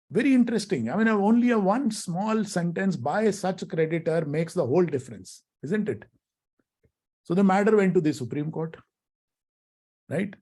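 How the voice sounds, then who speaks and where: A man's voice: high-pitched, warm tone. A middle-aged man giving a law lecture, asking the audience questions and addressing them as friends. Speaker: workshop speaker, lawyer.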